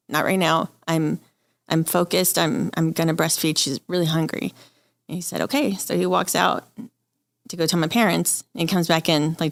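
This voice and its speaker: Low-pitched woman, 40s, candid guest, quotes people she talks to, dry sound. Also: creaky, no room sound. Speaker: interview guest. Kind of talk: emotional personal story.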